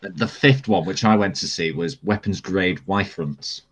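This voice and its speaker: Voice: sits low, animated, fairly bright tone, husky. A participant in a casual group voice chat who laughs often. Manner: giggly, slow and chatty.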